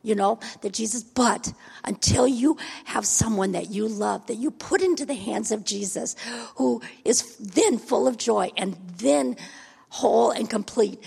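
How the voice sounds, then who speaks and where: Very raspy woman, echoey church. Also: on the high side. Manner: soft, slow reading, then quick halting testimony. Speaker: church member giving testimony. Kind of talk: scripture reading and spontaneous testimony. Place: church sanctuary. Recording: long church reverb.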